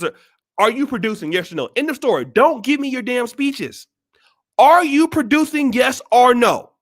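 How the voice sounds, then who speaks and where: Blunt high-voiced man scolding his viewers. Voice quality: forceful, preachy. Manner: blunt, scolding, repeats rhetorical questions. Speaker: channel host. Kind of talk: blunt motivational monologue.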